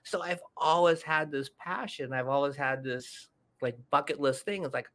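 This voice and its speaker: A middle-aged podcast host tells a story casually in a fairly high voice at normal speed with few pauses. Animated throughout, he acts out the voices of the people he quotes.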